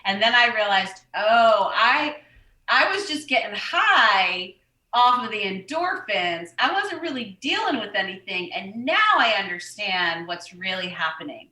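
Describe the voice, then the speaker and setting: Bright-toned, blunt woman yoga teacher. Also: medium pitch, animated, measured pace, roomy sound, low-quality recording. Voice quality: candid and blunt, swears casually. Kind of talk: casual podcast conversation.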